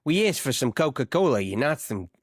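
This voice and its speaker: A man's voice: mid-range voice, sing-song, fairly quick, no room sound, studio quality. A man voicing a brash, pushy Italian-American mobster type with a put-on Italian-American accent. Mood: indignant. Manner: pushy, demanding.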